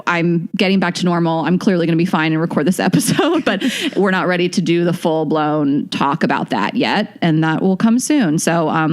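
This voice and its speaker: A woman co-hosting a podcast in casual chat, talking haltingly with restarts and nervous laughs. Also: lowish voice, darkish tone. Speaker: podcast co-host.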